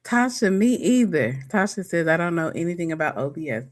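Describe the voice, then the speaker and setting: A chatty woman with a fairly low voice, joining a livestream as a guest. She rambles and giggles, speaking into a new microphone. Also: sing-song, a little fast. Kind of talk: casual livestream chat.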